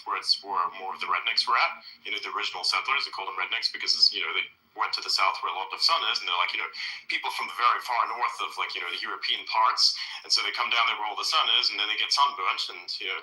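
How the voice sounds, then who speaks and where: A man's voice: on the low side, pushed and bright, roomy sound, rough recording. A man hosting a podcast in casual chat, rambling and loose, swearing freely. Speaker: podcast host.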